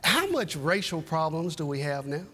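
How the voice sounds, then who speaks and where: A man's voice: a little high, big pitch swings, moderate pace, bright, forceful tone, in a large hall, a little hiss or hum. A man preaching a sermon to a church congregation, telling a folksy, repetitive story with humor. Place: church sanctuary.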